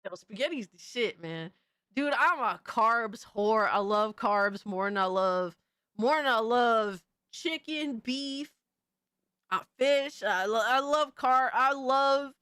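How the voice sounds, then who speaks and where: A woman hosting a casual livestream, talking to her chat in a profane, animated, slangy way. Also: on the high side, no echo, studio quality. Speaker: livestream host reading chat.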